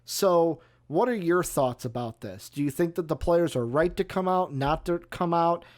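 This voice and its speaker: A man's voice: a little high, moderate pace. A young man hosting a casual sports talk stream, speaking hesitantly with many fillers. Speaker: host.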